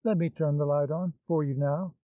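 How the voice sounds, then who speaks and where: A man's voice: a little high, steady tone, moderate pace, no echo, close to an everyday voice. A man reading the part of an anxious, devoted older woman with a pleading, fretful manner, in a dull, dry recording.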